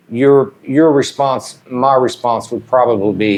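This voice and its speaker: A man from Ohio, teaching English slang in a whiteboard lesson. He explains at an unhurried, deliberate pace and often stops to check in with his learners. His voice sits at an ordinary pitch for a man. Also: darkish tone. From Ohio, USA. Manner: slow, deliberate, checks in with "okay?".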